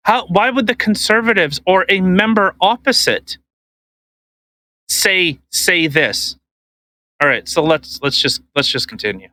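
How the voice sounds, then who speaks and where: A man's voice: high voice, animated, a little slow, sharp tone, no room sound. A man hosting a podcast, talking in a casual, rambling and jokey way, often restarting his words. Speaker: podcast host. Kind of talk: casual chat.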